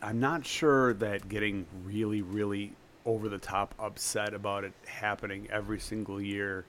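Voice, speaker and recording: Man, podcast guest, low voice, measured, frequent fillers. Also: fairly even intonation, fairly bright tone, a little hiss or hum. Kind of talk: casual podcast chat.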